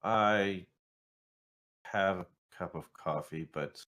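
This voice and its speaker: Man, low voice, roleplay player, dry wry delivery. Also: slow pace, fairly bright tone. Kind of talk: in-character roleplay chat.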